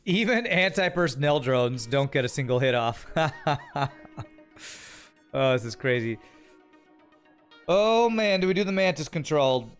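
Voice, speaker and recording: A man's voice: fairly high pitch, lively intonation, measured pace, pauses often, clean tone, faint music behind. A man streaming a strategy game, chatting casually, thinking aloud and answering chat in a rambling way. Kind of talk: casual gameplay commentary, reading chat.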